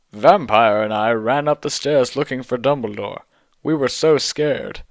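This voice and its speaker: A man giving a comic dramatic reading of a fan fiction, with a mocking deadpan delivery and incredulous asides. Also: medium pitch, measured pace, dry recording, studio quality.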